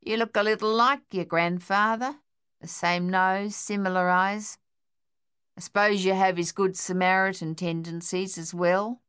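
A woman voicing a sharp-tongued, spry old woman in an audiobook, with a dry, tart, unhurried manner. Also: mid-range voice, fairly even intonation, smooth, natural voice. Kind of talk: audiobook character voice.

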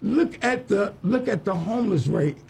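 A man's voice: sits high, animated, normal speed, vocal fry, darkish tone, breathy edge. A man arguing insistently as a studio guest on a talk radio show. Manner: argumentative, insistent. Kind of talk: heated radio debate.

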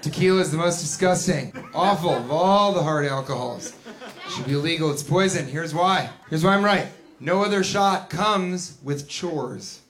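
A man's voice: on the high side, moderate pace. A man doing a stand-up comedy set, ranting in mock outrage. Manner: mock-outraged, animated ranting with a laughing crowd. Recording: live club set with loud crowd. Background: audience laughter.

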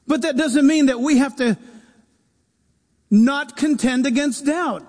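Man, pastor, sermon, very high voice, humorous asides, long hall echo. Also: slow. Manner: animated preaching with humorous asides.

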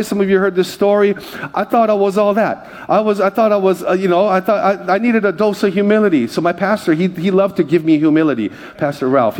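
During a church service, a male pastor with a high-sitting, darkish voice preaches a conversational sermon, blending humor with personal stories and calling out to the congregation.

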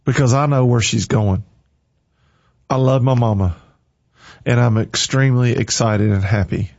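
A man's voice: medium pitch, unhurried, vocal fry, a little mellow, no echo. Fervent preachy man on a livestream. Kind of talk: faith-filled livestream talk. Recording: slightly dull lo-fi sound.

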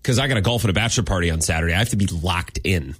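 A man's voice: low voice, rapid-fire, fairly bright tone, slightly rough. A man co-hosting a morning radio show, telling an everyday story in casual, self-deprecating chat. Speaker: radio co-host.

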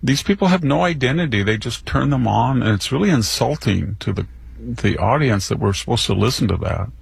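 An older man delivering indignant, rambling commentary with frequent restarts. His voice is gravelly and husky, recorded close and dry. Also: mid-range voice, animated, a little fast, dry recording. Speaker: commentator guest. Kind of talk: opinion commentary.

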